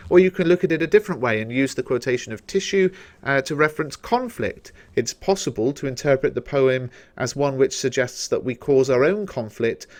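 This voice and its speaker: A man with a British accent explaining poetry quotations in a revision lesson, measured and explanatory. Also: mid-range voice. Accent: British English. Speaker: English teacher.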